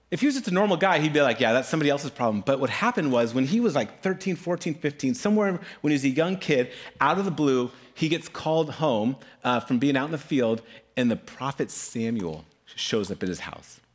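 A middle-aged man, a pastor, telling a story in a casual, animated sermon, keeps asking "right?" and acting out voices. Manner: animated, acts out voices with big pitch swings.

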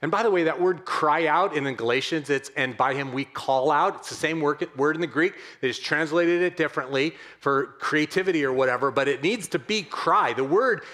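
A male pastor preaching a sermon, repeating key phrases and speaking directly to his listeners as friends. He swings between loud, emphatic outbursts and quiet, tender, hushed passages. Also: fairly high pitch, normal speed, hardly any pauses. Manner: addresses the congregation directly as friends.

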